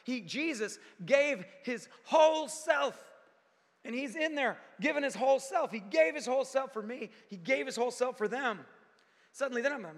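A man preaching a sermon as pastor, dramatic, swinging from loud bursts to hushed tones. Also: extremely high pitch, animated, moderate pace, big-room sound.

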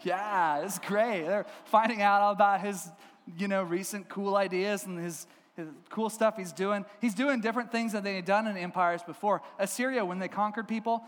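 A man, a pastor, preaching a sermon with lively, humorous storytelling in a church. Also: high voice, moderate pace. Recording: long hall reverb.

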